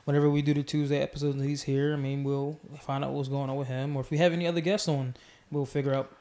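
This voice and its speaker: A man's voice: mid-range voice, little pitch movement, quick pace. A man hosting a casual podcast, talking in a rambling way with many fillers and restarts. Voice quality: mellow. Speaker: podcast host.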